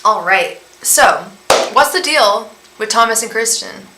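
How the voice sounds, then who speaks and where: A woman's voice: fairly high pitch, expressive, unhurried, noisy background. A young woman hosting a live tarot stream, chatty and rambling as she talks straight to her viewers. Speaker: tarot reader and psychic host. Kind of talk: casual live-stream chat. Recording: roomy room echo.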